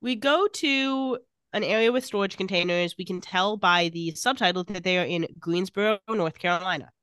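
A woman's voice: mid-range voice, normal speed, a bit bright, smooth, no echo, clean studio sound. A woman co-hosting a podcast, casually retelling scenes from a TV episode and quoting the characters' lines as she goes. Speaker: podcast co-host recapping a TV episode. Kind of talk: casual chat.

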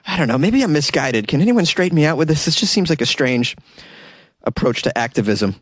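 A man's voice: fairly high pitch, animated, brisk, husky, dry recording. A man hosting a podcast in a casual, comedic commentary style, sarcastic and mock-enthusiastic, chuckling as he talks. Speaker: podcast host.

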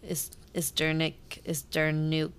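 A woman's voice: sits low, completely flat delivery, takes it slowly, clean tone. A woman co-hosting a book podcast in casual chat, reacting with enthusiasm. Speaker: podcast co-host.

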